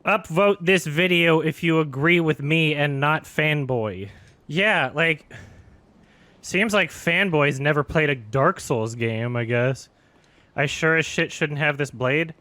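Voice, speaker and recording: Sharp-voiced man ranting on a game stream. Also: on the high side, slow pace, dry recording. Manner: exasperated, sweary, laughing through his rant. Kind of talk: ranting live-stream commentary while gaming.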